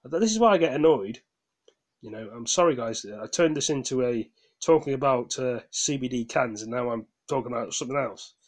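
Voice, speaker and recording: In a casual ranting monologue, a gaming vlogger sounds tired but heated, swearing, tripping over restarts and apologizing to viewers. His medium-pitched voice is expressive and a little fast.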